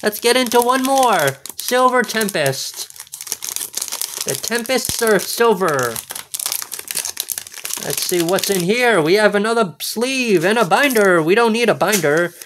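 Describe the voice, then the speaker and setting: A man's voice: sits high, lively intonation, measured pace, fairly bright tone, slight background noise. A man hosting a casual card-opening video, goofy and playful, full of exclamations and wordplay. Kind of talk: casual unboxing commentary.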